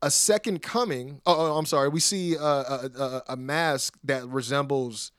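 A man hosting a podcast, recapping wrestling in casual, animated chat, laughing often and acting out quotes. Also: mid-range voice, normal speed, clear, resonant tone, no echo, studio quality.

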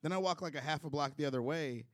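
Man, young, stand-up comic, from Chicago, slightly higher voice, chatty, chuckles often, dry sound. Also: fast talker, a bit bright, no room sound. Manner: loose, chatty, chuckles through his own jokes. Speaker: stand-up comedian. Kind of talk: stand-up set with crowd work.

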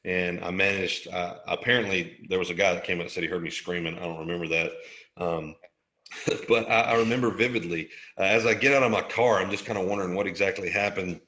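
A man's voice: sits low, fairly even intonation, a little fast, sharp tone, roomy sound. A middle-aged man from Alabama, an interview guest telling a story in a casual, jokey way and laughing often.

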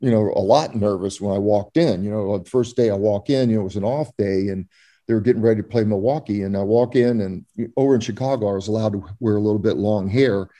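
Telling stories in an interview, an older ex-ballplayer from Florida speaks quickly in a fairly low, mellow voice. His delivery wanders, with lots of fillers and restarts.

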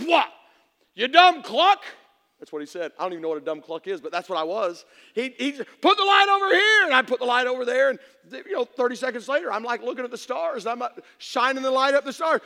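A man preaching a sermon as pastor, animated, acting out voices and shouting for emphasis. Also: very high-pitched, gravelly. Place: church sanctuary. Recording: echoey hall reverb.

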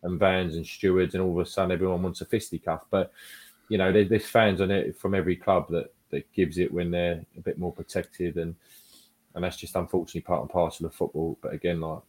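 A man with a very deep voice co-hosts a casual fan chat. He talks in a laid-back, blunt manner and leans on fillers as he thinks aloud. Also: level tone, fast, darkish tone. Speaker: podcast co-host.

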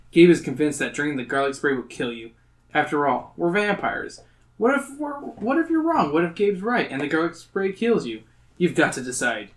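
A young male podcast host reads a spooky kids' gamebook aloud to his friends, slipping into playful character voices and frequent profanity. His voice sits a little high for a man, and he breaks into laughter often. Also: huge pitch swings, normal speed.

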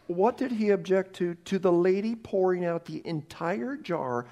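A middle-aged male pastor preaching a sermon, telling a story with animated delivery and frequent restarts. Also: high voice, unhurried, highs cut off.

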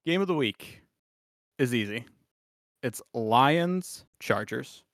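Man, sports podcast co-host, casual chat, animated storyteller, laughs a lot, dry mic. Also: mid-range voice, takes it slowly, no room sound.

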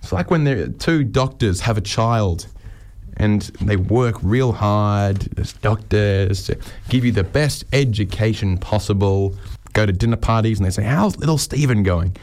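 A man's voice: lowish voice, measured pace, a little mellow, no room sound. A young man hosting a comedy podcast, telling rambling, sarcastic stories and swearing freely.

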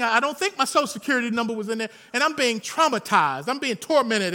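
A man, a pastor, preaching a sermon in an animated, folksy way, telling stories with humor and rising to shouts. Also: very high voice, quick pace, few pauses.

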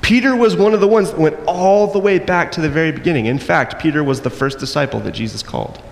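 A man preaching a sermon, acting out the quoted voices and moving between loud and soft passages. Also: on the high side, quick pace, creaky. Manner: acts out quoted voices, varies loudness widely. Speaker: pastor. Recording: long echo in a hall, faint noise.

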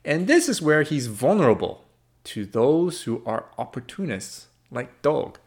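Male pastor, sermon, animated intonation, emphatic, loud-soft swings. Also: a little high, unhurried. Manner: expressive, emphatic, shifts between loud and soft.

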